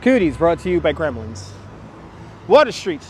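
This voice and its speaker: A man's voice: a little high, big pitch swings, moderate pace, a little mellow. A middle-aged man from New York with a light New York accent, chatting to viewers and answering their comments as he walks city streets, on a wireless clip-on mic. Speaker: livestreamer. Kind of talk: walking livestream chat. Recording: faint street noise outdoors.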